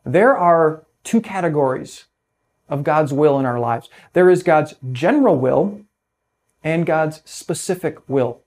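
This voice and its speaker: A man preaching an earnest sermon, his voice sitting a bit high for a man. He slows down to stress key phrases and lets his closing words drop to a hush. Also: lively intonation. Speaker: pastor.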